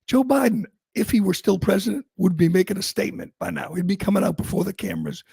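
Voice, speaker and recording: A man's voice: high voice, fast, gravelly, dark tone, slightly rough, no room sound. A man hosting a talk radio show, delivering an opinionated monologue in a sarcastic, emphatic, mocking manner.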